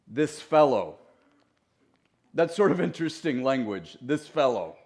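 Pastor, male, slightly higher voice; relaxed, joking sermon delivery in a church. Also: takes it slowly, pauses often. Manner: conversational, joking asides to the congregation. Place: church sanctuary.

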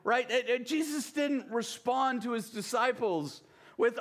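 A man from the American South delivers a sermon with a fairly high voice. He speaks conversationally and keeps checking in with the congregation as he goes. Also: unhurried, fairly bright tone. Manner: conversational, often checks in with the listeners. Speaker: pastor.

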